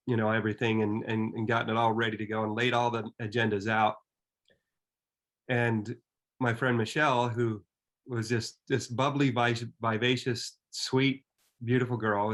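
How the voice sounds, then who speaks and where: A man in his fifties shares a personal story in a plain, mid-pitched voice. He speaks earnestly and reflectively. His phrases come in halting bits, with frequent restarts. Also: fairly bright tone.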